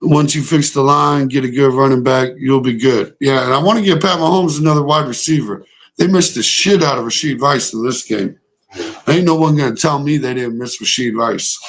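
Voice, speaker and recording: A man's voice: medium pitch, vocal fry. A young man hosting a live sports reaction stream, arguing heatedly and profanely with chat comments. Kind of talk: casual livestream reaction, reading chat.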